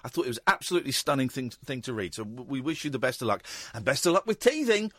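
A man's voice: mid-range voice, sing-song, quick pace, a bit bright, no echo, clean studio sound. An English man hosting a late-night call-in radio show, joking and teasing his callers. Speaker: radio host. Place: radio studio.

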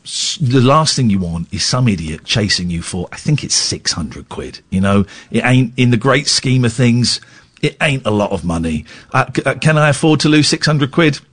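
A man's voice: medium pitch, very animated, moderate pace, fairly bright tone, husky. A middle-aged man, hosting a radio phone-in and telling a candid, rambling, self-deprecating story, with stammered restarts. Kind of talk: candid talk-radio monologue.

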